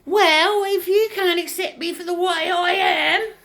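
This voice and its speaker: A man putting on a shrill, mocking falsetto as a whiny, self-pitying person. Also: fairly even intonation, measured pace, sharp tone, exaggerated voice. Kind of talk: mocking impression in a vlog.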